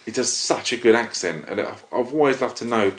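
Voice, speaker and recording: A man's voice: medium pitch, brisk, a bit bright. A man hosting a casual film review podcast, rambling and enthusiastic. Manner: rambling, self-interrupting, enthusiastic. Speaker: podcast host. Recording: roomy echo.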